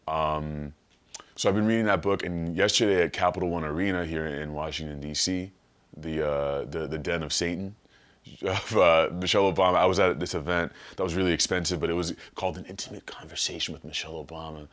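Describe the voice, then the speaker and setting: A man with a very low voice chats as a podcast guest. He tells a rambling story full of swearing and animated asides. His delivery is loose and conversational. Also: fast. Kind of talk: casual chat.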